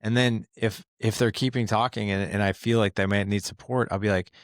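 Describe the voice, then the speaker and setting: A man with a fairly low voice talks earnestly as a podcast guest, animated as he explains. He is recorded close and dry, with no room sound. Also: fairly quick, dry recording. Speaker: podcast guest, dad coach. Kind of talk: casual interview talk.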